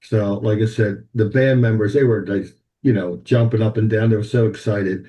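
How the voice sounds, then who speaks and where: Older man telling lively stories. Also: lowish voice, moderate pace. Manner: animated anecdotal storyteller. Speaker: band president, guest. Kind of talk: podcast interview, storytelling.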